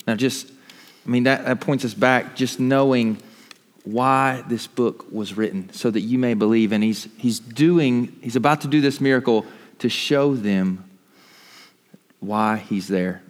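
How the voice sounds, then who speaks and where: A man reading scripture aloud at a steady, measured pace during a sermon. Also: medium pitch. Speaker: scripture reader. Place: church hall. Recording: long hall reverb.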